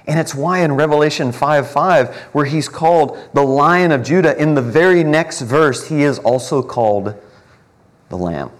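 Preaching a morning sermon, this pastor speaks earnestly in a fairly high voice, ramping up his emphasis and then easing into a slower, gentler delivery on important words.

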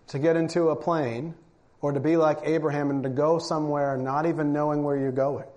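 Guy preaching a sermon, reads scripture, punchy emphatic delivery, kinda high voice. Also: a little mellow. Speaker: pastor.

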